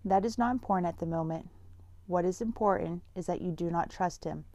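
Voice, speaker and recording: A woman reading the part of a mysterious hidden voice that speaks softly, formally and probingly. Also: lowish voice, a little fast, no room sound. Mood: hushed.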